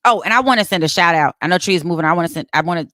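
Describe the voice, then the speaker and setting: Low-voiced chatty woman co-host. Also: animated, rapid-fire, a bit bright, no echo, clean studio sound. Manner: chatty, playful, sings snippets. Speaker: co-host reading birthdays. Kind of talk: casual sports talk banter.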